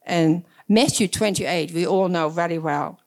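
Woman on a church panel explaining bible verses, lower voice, earnest. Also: a little slow. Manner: earnest, quotes scripture. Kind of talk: explaining scripture.

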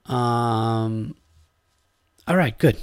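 A man's voice: medium pitch, drawn-out words, smooth, dry recording, studio quality. A middle-aged man hosting a podcast, telling listeners a profane, angry, rambling story with lots of restarts. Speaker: podcast host.

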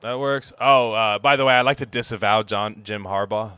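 Joking man with a bright, dry voice. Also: lowish voice, moderate pace, clean tone, no echo. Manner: crude, joking, stammers and restarts often. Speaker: podcast co-host. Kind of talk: casual podcast banter.

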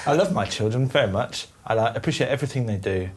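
Blunt, laughing man with a mid pitch. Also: expressive, quick pace, noisy background. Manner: laughing, blunt, crude exaggeration. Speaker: podcast co-host. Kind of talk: crude comedy podcast chat.

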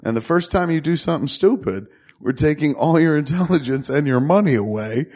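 Man game master, high lively voice, teasing, animated. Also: a little fast. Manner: animated, teasing, bursts into yelling bits. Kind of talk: casual tabletop game banter.

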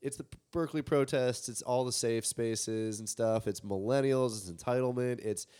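A man's voice: medium pitch, moderate pace, warm tone, smooth. A man co-hosting a casual podcast, explaining political events in a wry tone with long asides. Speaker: podcast co-host.

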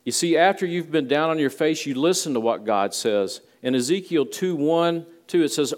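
A man's voice: fairly high pitch, expressive, moderate pace, hardly any pauses. A male pastor giving a conversational sermon in a church, with folksy asides to the congregation. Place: church sanctuary.

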